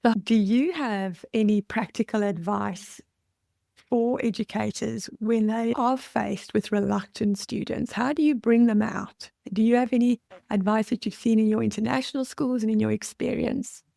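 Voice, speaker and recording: A woman hosts an interview and asks her guest questions in an engaged, conversational way. Her voice is heavily gravelly and mellow, and the sound is dry. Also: a little high, steady tone, normal speed, dry recording. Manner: engaged, asks questions and gives warm affirmations. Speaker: podcast host.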